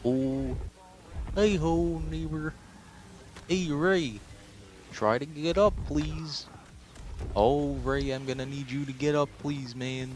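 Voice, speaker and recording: A man putting on a high, nasal impression of a polite, cheerful cartoon frog puppet. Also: slow, long pauses, a little mellow, slight background noise. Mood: fretful, teasing. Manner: folksy and polite, with a mocking edge.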